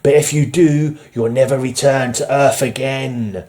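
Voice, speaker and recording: A man's voice: medium pitch, steady tone, unhurried, a little mellow, lightly acted. A man voicing a sly genie trapped in a bottle, with a put-on Irish lilt like a leprechaun. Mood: wheedling. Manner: wheedling, leprechaun-like.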